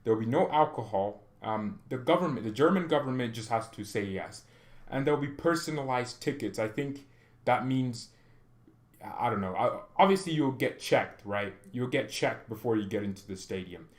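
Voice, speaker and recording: A man hosting a fan channel, ranting in a chatty, animated way and often tagging sentences with questions. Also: medium pitch, moderate pace. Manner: animated ranting with bursts of loud exclamation; chatty, frequent "right?" tag questions. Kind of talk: casual opinion vlog.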